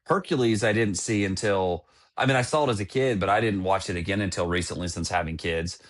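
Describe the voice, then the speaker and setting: Enthusiastic low-voiced man chatting. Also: fairly quick. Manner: enthusiastic, rambling. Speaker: podcast co-host. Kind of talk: casual chat.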